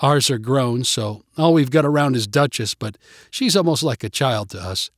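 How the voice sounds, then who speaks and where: A man's voice: medium pitch, lively intonation, moderate pace, no room sound, clean studio sound, lightly acted. A man voicing a sweet, kindly middle-aged neighbor woman in a storybook reading. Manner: sweet, gentle.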